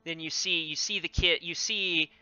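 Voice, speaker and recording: A man running a tabletop game as game master, talking haltingly with many ums and self-corrections over a dull lo-fi mic. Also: fairly high pitch, steady tone, pushed and bright, clear, resonant tone, no echo.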